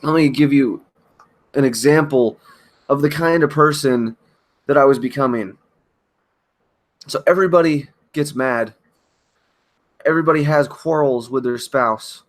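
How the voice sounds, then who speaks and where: A man at home giving a halting, emotional confessional monologue on a livestream, often restarting his sentences. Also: mid-range voice. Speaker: channel host. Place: at home by a kitchen counter.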